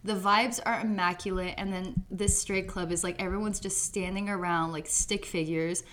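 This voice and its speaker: A young woman co-hosting a podcast, telling animated stories in casual chat and acting out quotes. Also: moderate pace, background noise. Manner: animated storytelling, acts out quotes in a high voice. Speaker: podcast co-host.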